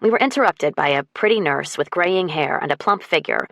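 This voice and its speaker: A woman narrating a romantic comedy audiobook in the first person, expressive and wry. Her voice is on the lower side and recorded dry and close, with no room sound. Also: brisk, creaky, no echo.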